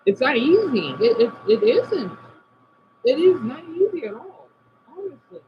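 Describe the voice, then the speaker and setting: A man talks casually to his live-stream viewers from home, his voice high and swinging widely in pitch. He answers comments one by one and lets his sentences drop away quietly. The audio is dull and lo-fi, with a faint background hiss. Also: sing-song, unhurried. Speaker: livestream host reading chat. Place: indoors at home by a window.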